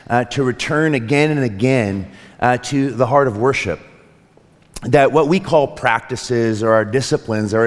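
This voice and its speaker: A pastor delivers a sermon to his church in a mid-range voice with a big-room sound. He's earnest and reflective, restarting often and joking lightly, in the church sanctuary.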